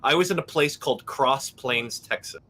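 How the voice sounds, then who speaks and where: A man's voice: mid-range voice, normal speed, crowd noise. A young man hosting a charity gaming livestream, chatting casually in a rambling way, swearing and laughing at himself. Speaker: livestream host. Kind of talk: casual gaming stream chat.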